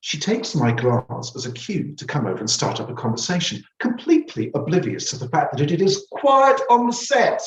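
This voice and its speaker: A man's voice: mid-range voice, big pitch swings, a little fast, few pauses. A man reading aloud from his own memoir in a wry, theatrical storytelling manner. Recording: roomy, distant mic.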